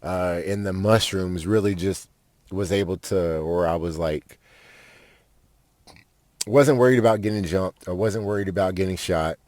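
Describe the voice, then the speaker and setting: A man's voice: low-pitched, unhurried, pauses often, darkish tone, dry recording. A young man, a podcast host telling a rambling, profane story with lots of fillers. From Fort Worth, Texas. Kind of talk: casual storytelling monologue.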